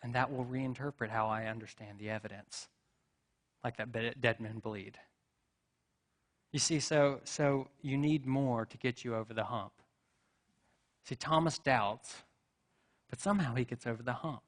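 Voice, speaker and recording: A man's voice: medium pitch, unhurried, long pauses. Conversational male pastor preaching. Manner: conversational storytelling with asides and rhetorical questions. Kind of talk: sermon. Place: church sanctuary.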